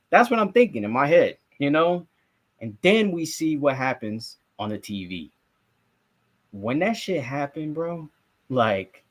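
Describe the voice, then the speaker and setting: Animated storytelling man from South Florida. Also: on the high side. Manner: animated storyteller who acts out his own reactions and swears freely. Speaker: sports podcast co-host and reporter. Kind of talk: casual sports talk.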